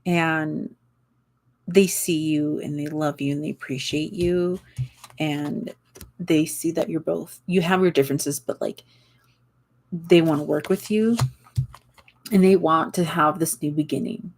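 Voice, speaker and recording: Young woman, lowish voice, tarot reader; loose, rambling, stop-and-start delivery. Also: steady tone, measured pace, pauses often, slight background noise. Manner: rambling, searching for words, frequent likes and laughs. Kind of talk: casual tarot reading monologue.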